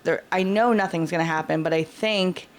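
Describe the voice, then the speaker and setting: A woman's voice: on the low side, moderate pace. A woman comedian on a podcast, joking in a playful, dry way. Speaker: comedian guest. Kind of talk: casual podcast banter.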